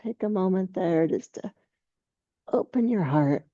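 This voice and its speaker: A woman teaching a yoga class, giving slow, calm cues with soft laughs between poses. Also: fairly low pitch, no room sound, muffled recording. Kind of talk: guided yoga class instruction.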